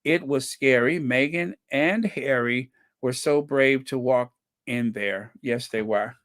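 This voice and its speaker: A man hosting a casual livestream, reading viewer comments aloud slowly and chuckling between them. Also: mid-range voice, fairly bright tone, no echo, clean studio sound. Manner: slow and chatty, reads comments aloud with frequent "let me see" and chuckles. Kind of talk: casual live-chat commentary.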